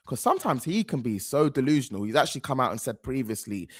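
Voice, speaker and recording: A man's voice: medium pitch, very animated, quick pace, dry recording, studio quality. A young man, giving slangy, rambling, outspoken reaction commentary as a football fan host.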